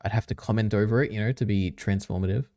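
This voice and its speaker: A man's voice: fairly low pitch, fairly even intonation, fast, dark tone, dry recording, clean studio sound. A man streaming casually, reading on-screen text aloud, trailing off and muttering to himself. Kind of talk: casual live-stream commentary.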